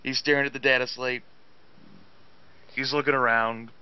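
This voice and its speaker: A man's voice: mid-range voice, flat delivery, moderate pace. A man playing a tabletop game, casually rambling as he describes his character. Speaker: player. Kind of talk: tabletop role-play chat. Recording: dull lo-fi voice chat.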